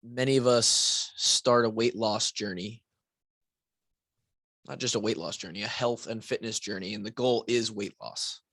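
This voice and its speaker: A man's voice: lowish voice, steady tone, a little slow, a bit bright, dry recording. A man hosting a fitness podcast alone, talking casually with restarts, asides and frequent "right?", a bit tired. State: tired, yawning. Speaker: podcast host and fitness coach. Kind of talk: casual solo podcast talk.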